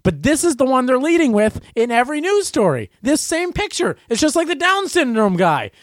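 A man's voice: very high-pitched, sing-song, brisk, dry recording, clean studio sound. A man hosting a comedic news commentary show, ranting sarcastically and getting worked up.

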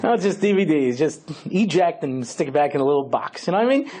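A man's voice: on the high side, sing-song, fairly quick, hardly any pauses, dark tone. A middle-aged man, a rabbi giving a chatty lecture full of asides and "you know".

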